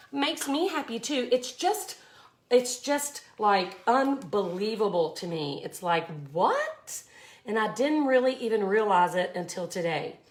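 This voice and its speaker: A woman, chatting effusively as she teaches a live glass art tutorial. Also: mid-range voice. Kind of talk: casual live tutorial chat.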